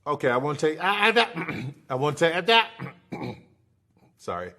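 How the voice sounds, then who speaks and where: Male host doing a mumbled, throat-clearing mocking impression. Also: on the high side, sing-song, normal speed, pushed and bright, voice pushed down.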